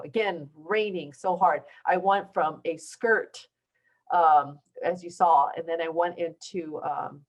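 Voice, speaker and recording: A woman's voice: fairly low pitch, low-quality recording. A middle-aged woman from southern China, a basketball coach, tells stories to an audience in a casual way, full of restarts and fillers. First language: Taiwanese. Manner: conversational storytelling with many restarts and fillers. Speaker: basketball coach giving a talk. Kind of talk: informal speech to an audience. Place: university lecture hall.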